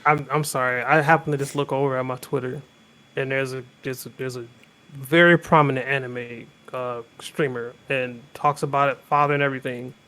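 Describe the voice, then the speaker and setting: A man guest-hosting a podcast in casual chat, talking in an emphatic, animated way. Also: medium pitch, a little fast.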